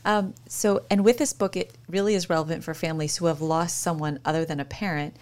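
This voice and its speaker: Low-voiced, supportive woman host. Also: steady tone, a little fast. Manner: supportive, affirming, asks gently. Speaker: interview host. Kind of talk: conversational interview.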